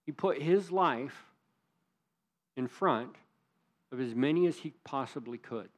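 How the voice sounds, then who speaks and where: Slow, emphatic preaching man. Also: medium pitch, lively intonation. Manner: earnest, emphatic preaching with rising stresses. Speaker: pastor. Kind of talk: sermon.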